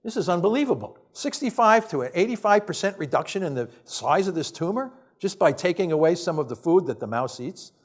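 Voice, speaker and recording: Male professor lecturing a hall; higher-pitched, blunt and exasperated, punchy rhetorical questions, loose unscripted delivery. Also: expressive, a little fast, hardly any pauses. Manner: casual, off-the-cuff phrasing with restarts. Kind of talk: science lecture to an audience.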